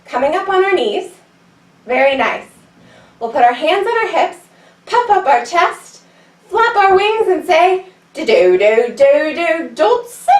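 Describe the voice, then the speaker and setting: A high, lively woman's voice leads children through yoga poses as she tells an animal story. Her delivery is playful and sing-song. She sounds a little distant, in an echoey room. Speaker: kids yoga teacher.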